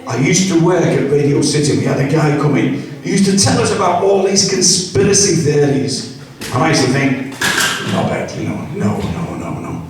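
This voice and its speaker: A man's voice: fairly high pitch, animated, normal speed, crowd noise. A man doing crude, chatty stand-up and talking to the audience by name. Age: 60s. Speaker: stand-up comedian. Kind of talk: open mic stand-up. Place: small comedy club. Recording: very echoey room from far off.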